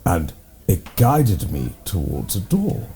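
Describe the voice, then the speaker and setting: A deep, warm-toned English man tells ridiculous stories in a rambling, deadpan way. His voice swoops up and down with lively emphasis. It sounds like an improvised comedy conversation between old club members. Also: slow, creaky. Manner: rambling, deadpan tall tales told with relish. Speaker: co-host playing a gentleman's club character.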